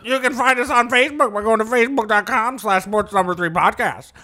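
A man's voice: high voice, a little fast, sharp tone, voice pushed up. A man voicing a creepy, upbeat male announcer who reads contact details in a sing-song way with ominous asides. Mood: eerie promo. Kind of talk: comedy podcast bit.

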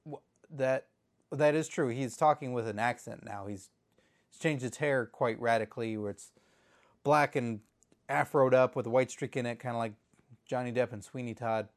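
A man hosting a comedy sketch interview, flustered and stammering as he tries to calm his guest. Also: medium pitch, normal speed. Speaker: show host.

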